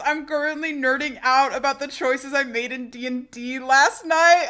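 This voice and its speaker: A young woman streamer telling a rambling, excitable story in casual live-stream chat. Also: sits high, moderate pace, few pauses.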